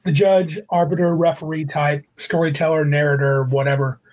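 A man's voice: fairly high pitch, flat delivery, moderate pace, darkish tone, rough recording. A man co-hosting a livestreamed tabletop gaming talk show, chatting casually and rambling as he corrects himself. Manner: rambling, self-correcting, reads quotes aloud. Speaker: podcast co-host.

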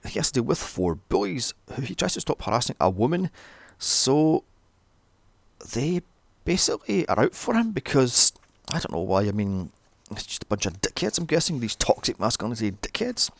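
A man's voice: mid-range voice, gravelly, no echo. A man recapping a film in a sweary, sarcastic rant, picking holes in the plot. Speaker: film reviewer.

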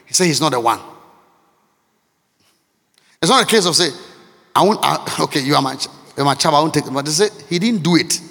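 A man preaching with passion in a church hall, his voice high and gravelly with bright, sharp edges. He keeps repeating himself and leaps wildly from shouts down to near-murmurs. A long hall reverb trails every line. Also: animated, a little fast, pauses often. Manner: impassioned, repetitive, swings between shouting and near-murmur. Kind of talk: sermon.

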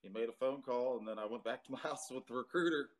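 A man's voice: medium pitch, fast, a little hiss or hum. A man in his thirties, a Marine veteran, telling his story in a casual interview with many fillers and some cursing.

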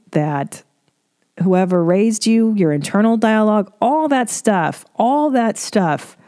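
A woman's voice: medium pitch, mellow. A middle-aged woman hosting a podcast, talking in a candid, rambling way and swearing freely. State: tearful. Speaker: podcast host. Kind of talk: casual monologue.

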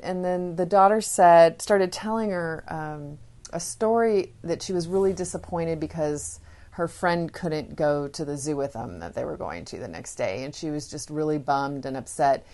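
A woman's voice: low voice, moderate pace, darkish tone. A woman parenting educator chatting casually, retelling stories with fillers. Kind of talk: casual storytelling talk.

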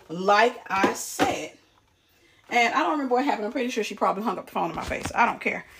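A woman's voice: a little high, breathy edge. A woman telling a personal story straight to the camera in a casual, emphatic way, often restarting and repeating words. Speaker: vlogger.

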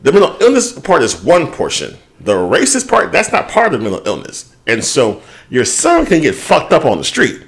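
A man's voice: fairly high pitch, huge pitch swings, moderate pace, gravelly, few pauses. A man co-hosting a podcast, chatting casually and candidly about his week, swearing freely as he talks it through. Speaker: podcast co-host. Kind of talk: casual chat.

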